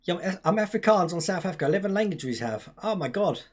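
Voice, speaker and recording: A man's voice: sits high, expressive, fast talker. A young man hosting a casual live stream, chatting, laughing often and reading out viewer comments.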